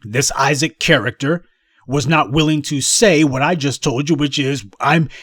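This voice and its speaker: A man's voice: on the high side, normal speed, fairly bright tone, no echo, studio quality. Scornful man ranting. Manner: scornful, sarcastic, combative. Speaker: commentator. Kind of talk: ranting commentary.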